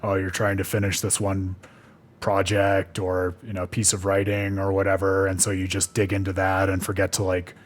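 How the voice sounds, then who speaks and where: A man's voice: low-pitched, monotone, moderate pace. A man hosting a stream, chatting casually and analyzing the story, with plenty of fillers. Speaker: streamer and host.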